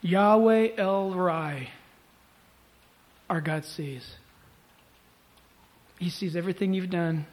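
Pastor at a church service, a man with a high voice, preaching with emphatic swings from loud to soft. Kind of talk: sermon. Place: church service before a congregation.

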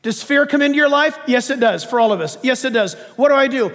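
An older man and pastor preaching a sermon, impassioned, swinging between shouted emphasis and quiet, chatty asides. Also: very high-pitched, fast, few pauses, in a large hall.

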